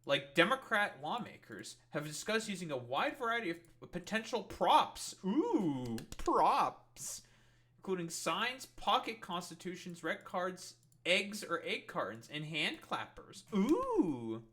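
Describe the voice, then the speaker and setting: Streamer, male, fairly high and sharply bright voice, ranting exasperated and profane over the news. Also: sing-song, moderate pace, few pauses. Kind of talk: ranting political commentary. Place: home streaming setup.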